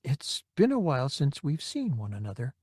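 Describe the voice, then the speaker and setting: A man's voice: medium pitch, wildly swooping pitch, moderate pace, a little mellow, husky, no room sound, clean studio sound. A man reading as a hesitant, hopeful young woman. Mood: hopeful, tentative. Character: hopeful young redheaded woman in a holo message. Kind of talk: audiobook character reading.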